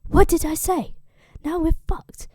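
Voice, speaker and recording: A woman's voice: mid-range voice, animated, slow pace, darkish tone, no echo, clean studio sound. A British woman voicing an exasperated male sea captain, pleading and swearing at his crew.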